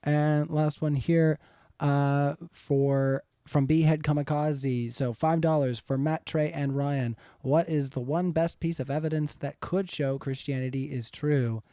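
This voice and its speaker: A man in his thirties moderates a live-streamed debate, reading viewer questions in an easygoing, rambling way and chuckling often. His slightly high voice is steady, measured, mellow and clean, captured in a dry, studio-quality recording.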